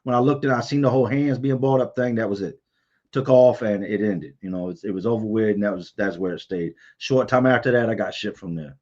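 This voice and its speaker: A man's voice: lowish voice, a little fast, a little mellow, muffled recording. A man hosting a casual livestream, candidly telling personal stories and answering viewer comments. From Virginia, US.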